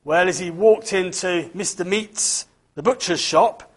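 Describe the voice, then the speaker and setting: A man giving a children's talk, reading a storybook aloud and turning to the listeners with questions. His voice is high for a man and slightly husky. He speaks at an unhurried pace.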